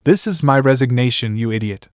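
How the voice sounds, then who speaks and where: A man voicing a cold, emotionless male swordsman, speaking flatly. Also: medium pitch, fairly quick, dry recording, clean studio sound, lightly acted. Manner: flat and cold.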